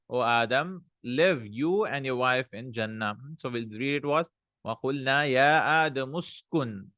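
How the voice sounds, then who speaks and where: A man teaching an Arabic grammar lesson, reading example sentences aloud, translating them and explaining the rules in a relaxed way with fillers. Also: medium pitch, no room sound, clean studio sound.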